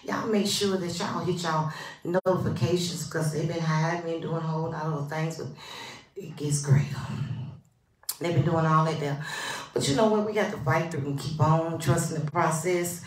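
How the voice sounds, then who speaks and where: A woman hosting a casual live stream, greeting her viewers by name with drawn-out, animated calls and dropping into soft asides. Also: deep voice. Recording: roomy, distant from the mic.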